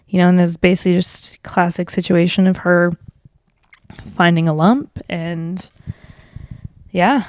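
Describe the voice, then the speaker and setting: Speaking a little slowly with long pauses and fairly even intonation, a woman in her twenties tells a personal story on her solo podcast. She's casual, swears a lot, leans on fillers, and brightens into a higher voice when quoting people. The audio is clean studio sound with no echo.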